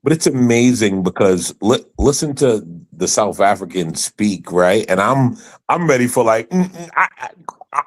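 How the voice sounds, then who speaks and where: A low-pitched man talking loosely in a podcast chat. He stumbles and restarts his sentences, then leans hard into his points. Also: lively intonation, moderate pace, poor audio. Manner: stammering restarts, emphatic. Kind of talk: casual podcast banter.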